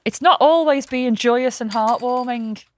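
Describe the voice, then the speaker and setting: A woman's voice: on the high side, measured pace. A woman, co-hosting a casual podcast and telling anecdotes with plenty of swearing. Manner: swearing, storytelling, lively anecdotes. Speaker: podcast co-host.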